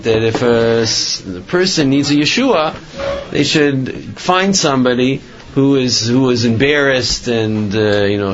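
Guy telling a religious story, keeps restarting, muffled lo-fi sound. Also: medium pitch. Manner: rambling, many restarts and filler phrases. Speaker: religious speaker. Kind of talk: storytelling talk.

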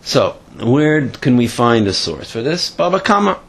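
A man giving a casual Torah lesson, telling a story in a halting way with many fillers and restarts. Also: medium pitch, very animated, fairly bright tone, slightly rough. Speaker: Torah teacher.

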